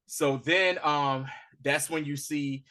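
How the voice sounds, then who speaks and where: A man co-hosting a podcast, giving a casual, animated recap of a TV episode and acting out the characters' lines. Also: fairly high pitch, slow. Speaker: podcast co-host.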